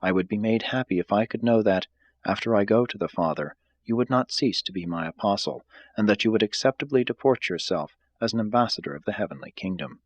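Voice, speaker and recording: A man reading aloud, voicing a gentle, earnest male spiritual teacher in a calm, measured way. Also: lowish voice, lo-fi sound, lightly acted. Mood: tender earnest. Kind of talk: audiobook reading.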